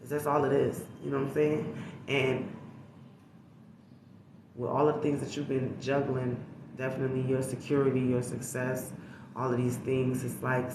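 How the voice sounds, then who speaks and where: A man's voice: medium pitch, monotone, moderate pace, long pauses, roomy sound, noisy background. A man giving a casual tarot reading, talking straight to his viewers in a slangy, emphatic way with frequent swearing. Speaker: tarot reader.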